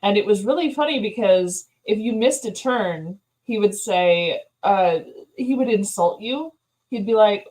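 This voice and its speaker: A woman's voice: mid-range voice, animated, a little slow, a little mellow, rough recording. A woman co-hosting a casual chat show, telling amused stories. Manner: storytelling, amused, chatty. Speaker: co-host.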